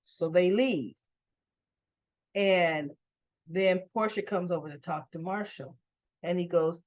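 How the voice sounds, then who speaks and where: A woman giving a casual, chatty recap of a soap opera episode. She often corrects herself mid-sentence and tags her points with a quick "right?". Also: lowish voice, darkish tone, dull audio.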